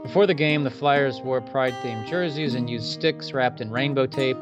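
A man's voice: medium pitch, moderate pace, music in the background. A man hosting a radio show, giving casual religious commentary in a preachy, conversational way with sarcastic asides. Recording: dull lo-fi sound.

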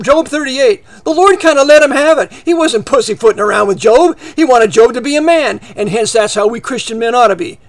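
A man's voice: very high-pitched, animated, fairly quick, few pauses. A man preaching a fiery political sermon, heated and sarcastic, rambling with restarts.

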